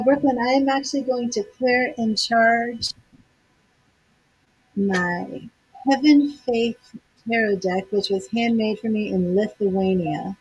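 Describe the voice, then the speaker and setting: A woman's voice: on the high side, breathy edge, low-quality recording. A woman tarot reader and psychic medium chatting on a livestream, laughing often and greeting viewers by name. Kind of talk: casual livestream chat.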